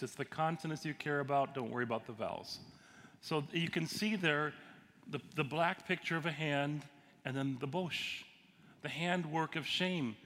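A man's voice: medium pitch, fairly bright tone. Conversational man preaching in an echoing hall. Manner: conversational, quizzes the audience. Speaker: pastor and counselor. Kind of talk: sermon teaching. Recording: long hall reverb, faint noise.

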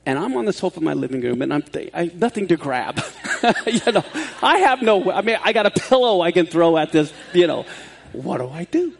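A man's voice: high-pitched, a little fast, vocal fry, slightly rough. A man giving a sermon as a pastor, talking in a conversational way and telling a personal story. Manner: conversational, rising to excited laughter when storytelling.

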